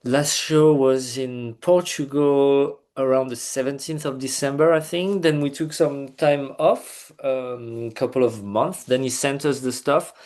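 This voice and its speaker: A man, a band's bassist, chatting loosely as an interview guest over a video call, with lots of fillers and restarts. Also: fairly even intonation, unhurried, hardly any pauses, a little mellow. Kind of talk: casual interview chat.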